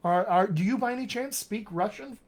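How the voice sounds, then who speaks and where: A man's voice: sits high, a little fast, a little mellow. A man coaching accents in a live online session, demonstrating sounds and reading viewer comments with eager energy. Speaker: dialect coach.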